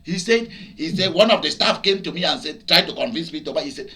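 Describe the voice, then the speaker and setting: A Nigerian man preaching, his voice sitting high with a bright, forceful edge. He tells his stories in an animated way, rising into shouts and laughter as he drives each point home. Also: quick pace, hardly any pauses. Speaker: pastor. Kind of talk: preaching to a broadcast audience.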